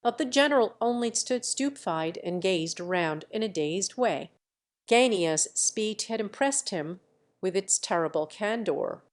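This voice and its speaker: Woman narrator, audiobook reading, slow pace, measured delivery. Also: mid-range voice, expressive. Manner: measured, deliberate. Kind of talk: scripted classic novel narration.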